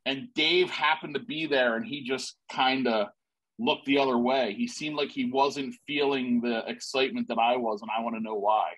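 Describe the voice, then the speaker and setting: A man, a panel guest, telling a rambling, excitable story in a casual way with many restarts. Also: medium pitch, normal speed, rough recording.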